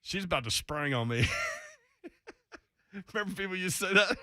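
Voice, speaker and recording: A man's voice: fairly high pitch, moderate pace, pauses often, dry recording. A man hosting a sports radio show in the studio, joking and teasing his co-hosts in casual banter. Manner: lively, laughing, teasing.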